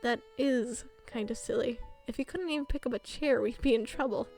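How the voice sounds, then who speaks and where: Calm, soothing young woman, as a female streamer reads her. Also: fairly high pitch, fairly quick, creaky, soft background music. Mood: gentle. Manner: calm, reassuring. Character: calm gentle young woman, caring roommate. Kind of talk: visual novel read-aloud.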